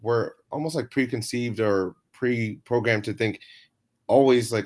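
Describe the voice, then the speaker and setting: A man's voice: mid-range voice, a little slow, a little mellow. A man co-hosting a casual talk show, laid-back and laughing easily. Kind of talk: casual chat.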